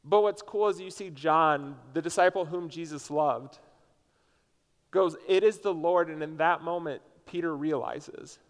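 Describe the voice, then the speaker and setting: A pastor from Indiana delivers a sermon that sounds like chatting with friends, full of "like" as he tells his story. His voice sits a little high for a man. A long reverb trails every phrase from the large hall he speaks in. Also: a little slow. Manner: casual storytelling, frequent "like" fillers. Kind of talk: conversational sermon.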